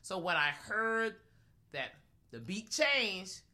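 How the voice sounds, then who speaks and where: A young adult woman co-hosting a casual movie review chat, animated and breaking into loud acted-out reactions. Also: mid-range voice, slow pace. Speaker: podcast co-host.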